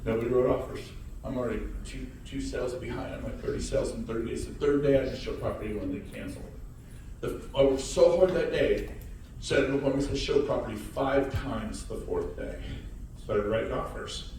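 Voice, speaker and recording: A man giving a high-energy motivational talk about real estate to a live audience, shouting and teasing the crowd. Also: brisk, a little hiss or hum. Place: large hall with audience. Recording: echoey hall, mic far off.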